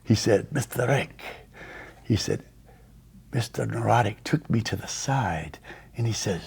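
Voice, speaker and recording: Gravelly older man telling stories. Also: fairly low pitch, animated, darkish tone. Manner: unhurried anecdotes, quoting others in dropped voice. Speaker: podcast host, storyteller. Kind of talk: casual storytelling interview.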